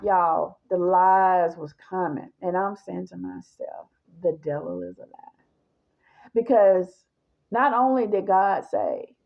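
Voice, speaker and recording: A woman's voice: on the low side, takes it slowly, gravelly, lo-fi sound. A woman gives an emphatic personal testimony, talking straight to her listeners.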